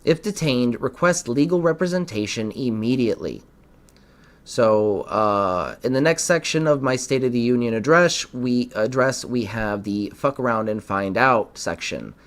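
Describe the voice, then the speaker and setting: Guy doing political commentary on his podcast, earnest, trips over words, mid pitch. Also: expressive, measured pace, a bit bright. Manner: earnest, stumbles and restarts words. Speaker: podcast host.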